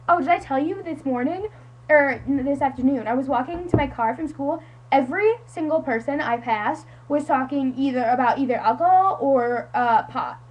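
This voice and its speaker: A woman's voice: high voice, moderate pace, rough recording. A teenage girl from the United States telling a friend a story in a casual, dramatic, self-mocking way, full of "like". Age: teens. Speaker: vlogger.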